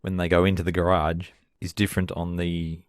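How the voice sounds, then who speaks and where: A deep-voiced man co-hosts a casual podcast chat, speaking a little fast with a flat delivery. The sound is clean studio audio with no room sound.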